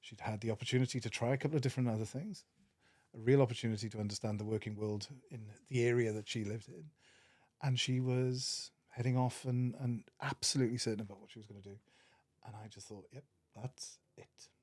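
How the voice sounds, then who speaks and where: A man with a Welsh accent, a podcast guest telling stories in an earnest, animated way with many restarts. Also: mid-range voice, fast talker, no room sound, clean studio sound. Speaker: podcast guest, managing director. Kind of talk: casual interview storytelling.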